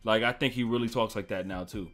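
A man's voice: fairly low pitch, steady tone, fast, fairly bright tone. A man hosting a reaction video, commenting in a loose, joking way with plenty of swearing. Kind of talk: casual commentary.

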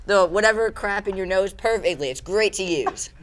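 A woman's voice: medium pitch, moderate pace, crowd noise. A teenage girl hosting a call-in tech show, blunt and teasing with callers. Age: teens. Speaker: host. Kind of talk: casual student call-in show.

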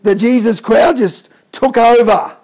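Husky high-voiced emphatic preacher. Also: male voice, measured pace, a little mellow. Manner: emphatic, calls out to the congregation. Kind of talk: sermon.

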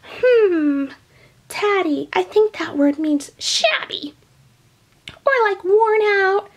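A woman voicing a cheerful, curious old grandma in a high, sing-song voice for a storybook reading. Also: lively intonation, drawn-out words, heavily acted. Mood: chirpy. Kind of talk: storybook puppet voice.

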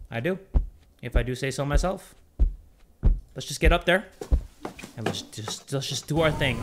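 A young man doing casual horror game commentary, jokey and excitable, sinking to nervous mutters when scared. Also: on the high side, slight background noise. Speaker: gaming YouTuber.

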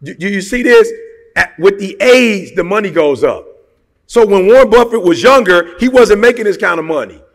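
A man's voice: sits high, expressive, moderate pace, long reverb tail. A man giving a motivational talk, emphatic and colloquial, firing off rhetorical questions. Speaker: motivational speaker.

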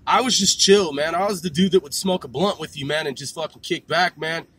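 A man's voice: fairly high pitch, brisk, a bit bright, husky, no echo. A man in his forties ranting to camera, boastful and trash-talking, swearing constantly and tacking "man" onto his lines. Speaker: vlogger. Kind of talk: profane boastful rant to camera.

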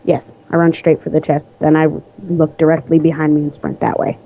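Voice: mid-range voice, level tone, fairly quick. A friend chatting casually over a call during gameplay, laid-back, slangy and teasing. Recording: muffled lo-fi call audio.

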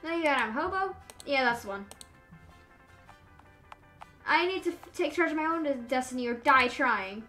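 A woman streamer reads a game's dialogue aloud in a quick, playful way. Her voice is high, bright and sharp, with faint game music playing behind her. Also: lively intonation.

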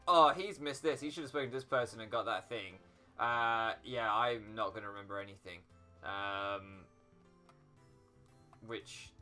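A man's voice: medium pitch, sharp tone. Sarcastic British man rambling over gameplay. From Britain. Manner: rambling, sarcastic, swears, mock-outraged outbursts. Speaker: gaming YouTuber. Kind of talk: casual game commentary. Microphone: floor mic at first, then desk mic.

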